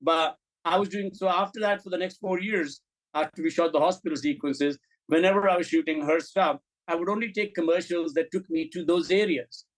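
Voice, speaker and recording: A man's voice: on the high side, a little fast, rough recording. A middle-aged man, a film director as interview guest, telling candid, blunt stories and acting out the dialogue in them. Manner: animated anecdotes, blunt and profane, acts out quoted dialogue.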